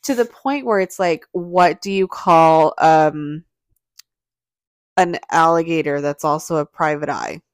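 A woman's voice: low voice, a little slow, no echo. A young woman co-hosting a podcast, chatting casually, laughing often and telling stories with lots of swearing. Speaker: podcast co-host. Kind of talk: casual chat.

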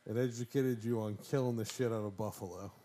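A man's voice: fairly low pitch, fairly even intonation, a little fast, dark tone. A man in his thirties co-hosts a laid-back podcast conversation. He jokes freely and keeps slipping into goofy voices to act out bits. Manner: joking, jumps into goofy quoted voices. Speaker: podcast co-host. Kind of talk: casual chat.

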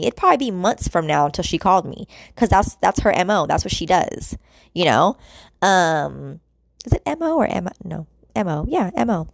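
A woman's voice: mid-range voice, expressive, normal speed, gravelly, no echo. A woman vlogging in a casual, rambling way, full of restarts and talk aimed at her viewers. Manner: rambling, many fillers and restarts, addresses viewers as y'all. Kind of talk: casual confessional chat to camera.

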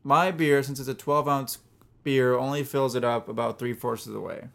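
A man co-hosting a casual beer podcast, goofy and quick to laugh. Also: medium pitch, fairly even intonation, gravelly. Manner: goofy, laughs often, sing-song riffs. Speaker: podcast co-host. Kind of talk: casual chat.

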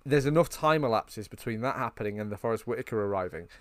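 A man's voice: fairly low pitch, fast, dry recording. Dry-sounding man retelling film scenes. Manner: animated storyteller, recounting scenes. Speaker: podcast co-host. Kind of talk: casual film discussion.

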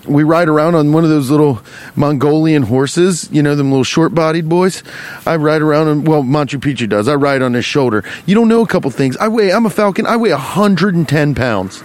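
A man hosting a comedy podcast, rambling through an improvised, profane, deadpan bit while walking along a street. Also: a little high, fairly quick, no room sound. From Cincinnati, US. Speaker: podcast host. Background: faint traffic.

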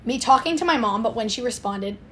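Animated young woman telling a story. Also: on the high side, a little hiss or hum. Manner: animated storytelling, quick swings in loudness. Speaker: swim school owner, guest. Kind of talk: casual podcast chat.

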